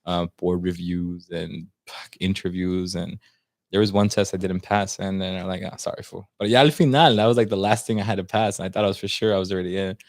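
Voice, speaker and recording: A man's voice: low voice, fairly even intonation, fairly quick, dry recording, clean studio sound. A man in his twenties telling a long story in casual podcast chat, slangy and mixing in Spanish phrases. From United States, Salvadoran family. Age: 20s. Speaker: podcast guest.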